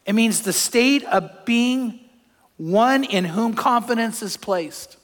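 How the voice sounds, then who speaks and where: A man's voice: very high voice, takes it slowly. Older male pastor preaching in a reverberant church. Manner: animated storytelling, acts out crowd shouts. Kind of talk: sermon. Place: church sanctuary. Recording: long hall reverb.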